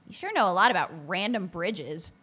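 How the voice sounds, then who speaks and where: A woman's voice: medium pitch, sing-song, moderate pace, sharp tone, slight background noise. A woman voicing a grumpy, sarcastic male knight companion with dry grumbling lines.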